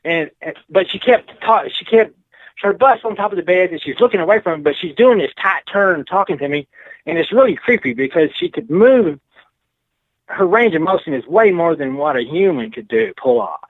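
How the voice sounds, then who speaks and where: A man's voice: fairly high pitch, lively intonation, normal speed, no room sound. A man from Texas, telling his story as an interview guest in a frank, rambling way, full of "you know". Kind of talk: casual storytelling. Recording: tinny phone line.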